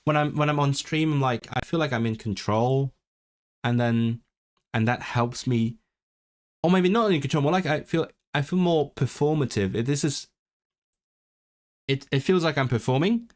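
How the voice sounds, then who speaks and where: A man chatting on a language-learning livestream at a middle pitch, thinking aloud and restarting his sentences as he reads the chat. He drops into careful learner's Welsh now and then, with a more lively up-and-down intonation. His first language is English. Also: normal speed, long pauses. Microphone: desk microphone.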